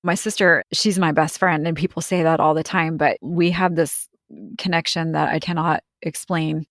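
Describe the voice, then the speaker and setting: This low-pitched woman speaks at a normal speed with little pitch movement, giving an earnest, emotional interview account of something frightening that happened to her. She frequently quotes other people's words, and the studio-quality recording is dry.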